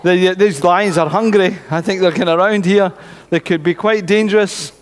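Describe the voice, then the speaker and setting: A man telling a Bible story to a church congregation in an animated storytelling way. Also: high voice, normal speed, a little hiss or hum. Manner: animated storytelling, voices characters. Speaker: preacher. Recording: reverberant church hall.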